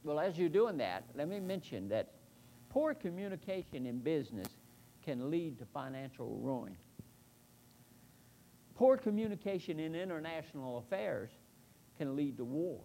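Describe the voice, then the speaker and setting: Emphatic male pastor with lively pitch. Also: gravelly, a little hiss or hum. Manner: earnest, emphatic, slows down to stress figures. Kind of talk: sermon.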